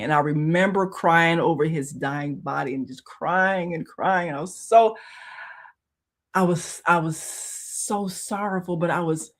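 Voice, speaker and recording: Woman, low pitch, radio host, personal spiritual story, chatty with fillers, hushed to loud swings. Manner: conversational, many "you know" fillers.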